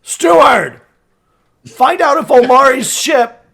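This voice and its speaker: A man doing an irritable noble lord who makes sharp demands and often breaks into shouts. His voice sits high and swings widely, in a slow, deliberate delivery, the temper of a fantasy tabletop game. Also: big pitch swings, full character voice. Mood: exasperated. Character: irritable noble father, exasperated lord of a keep.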